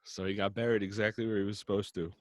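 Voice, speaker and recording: A man casually telling a story on a podcast, acting out the characters' quotes in lively voices. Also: on the low side, fast talker, no echo, studio quality. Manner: animated, acts out characters' quotes. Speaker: podcast co-host.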